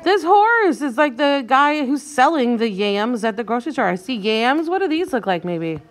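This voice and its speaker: A woman with a high, bright voice teaches young children to read. She is animated and encouraging, slowing down to sound out each tricky word and prompting her class to read along. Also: slight background noise. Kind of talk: guided reading lesson for young children.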